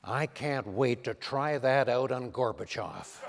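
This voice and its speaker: A man impersonating a genial older male president, speaking low, soft and hesitant. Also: slow. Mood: delighted. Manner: hesitant, murmured, trailing delivery. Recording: long hall reverb.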